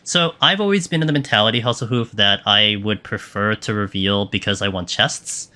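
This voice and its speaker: Young man, game streamer, lowish pitch, bright tone, casual live commentary, chatty. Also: normal speed. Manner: chatty, answers chat questions, frequent fillers.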